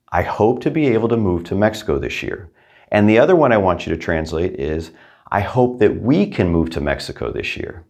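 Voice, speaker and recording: Male language teacher, deep voice, upbeat, clear repetition drills. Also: a little mellow. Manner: upbeat, repeats each practice sentence twice. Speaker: Spanish teacher. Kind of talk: language lesson.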